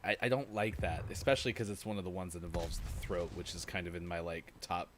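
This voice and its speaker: A man in his thirties co-hosts a gaming morning show with a fairly low voice. He chats casually, telling anecdotes and laughing often. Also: fairly even intonation, fast, background noise. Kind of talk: casual chat.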